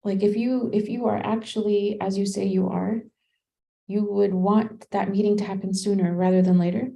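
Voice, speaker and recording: Gravelly, dark-voiced woman teaching scripture. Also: medium pitch, steady tone, moderate pace, rough recording. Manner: conversational, thinking aloud with fillers and restarts. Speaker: religious teacher. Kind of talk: Qur'an study lesson.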